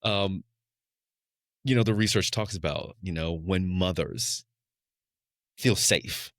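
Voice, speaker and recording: A man with a very low voice hosts an interview. He speaks in a halting, reflective way and uses many fillers. The sound is dry and close. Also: no room sound. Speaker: podcast host. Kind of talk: interview conversation.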